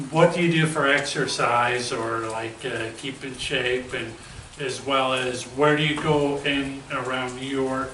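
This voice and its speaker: A man hosts a casual interview, winding through long questions full of fillers. His tone is bright and sharp at a middle pitch. He sits far from the mic in a roomy space with a faint hiss behind him. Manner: rambling questions with many fillers. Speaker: interview host. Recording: echoey, distant mic with faint noise.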